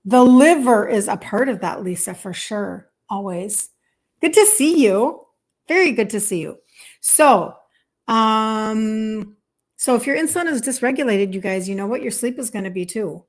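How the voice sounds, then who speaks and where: A woman's voice: fairly high pitch, animated, moderate pace. A woman in her fifties, a health coach, chatting casually to viewers on a live stream, emphatic, repeating herself and saying "like" often. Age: 50s.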